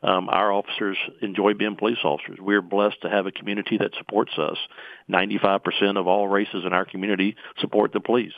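A man's voice: on the low side, level tone, quick pace, gravelly, no echo. A middle-aged man, speaking as a police union representative on an interview show, earnest and given to restarts. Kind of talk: interview guest. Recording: tinny phone line.

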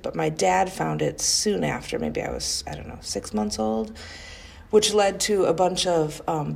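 Low, gravelly middle-aged woman reminiscing. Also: darkish tone. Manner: fond, rambling storytelling with frequent fillers and restarts. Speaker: interviewee, youngest of five siblings. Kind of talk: reminiscing family interview.

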